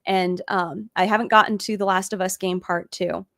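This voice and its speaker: A woman's voice: mid-range voice, steady tone, moderate pace, gravelly, pushed and bright, no room sound, clean studio sound. A woman hosting a streamed discussion, speaking conversationally and reading out viewer questions. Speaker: host. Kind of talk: casual discussion. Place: home stream setup.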